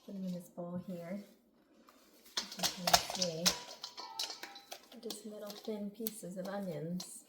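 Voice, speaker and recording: A middle-aged woman hosting a casual cooking demonstration in a home kitchen, upbeat and chatty, laughing often. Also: medium pitch. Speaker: cooking show host. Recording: echoey kitchen with background noise.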